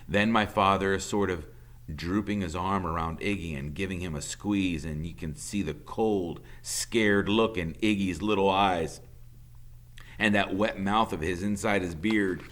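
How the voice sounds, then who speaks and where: A man's voice: sits low, unhurried, a bit bright. A male teacher reading a novel aloud in a plain storytelling voice.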